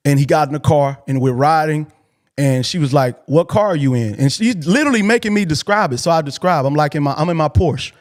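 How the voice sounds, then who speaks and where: Speaking fairly quickly with a fairly high pitch, a Texan host of a call-in show relates a personal story. He sounds earnest and informal, close to crying, and repeats himself as he goes.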